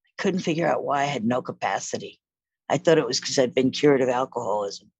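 A woman's voice: a bass voice, fairly quick, a little mellow, slightly rough, dry recording. A middle-aged woman sharing her own story of addiction and recovery in a candid, wry storytelling manner, acting out the lines of other people as she goes. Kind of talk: personal testimony.

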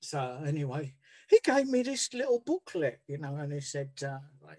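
A man's voice: fairly high pitch, expressive, moderate pace, darkish tone. A man telling his recovery story in a blunt, rambling way, swearing freely and restarting his sentences. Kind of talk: candid personal storytelling.

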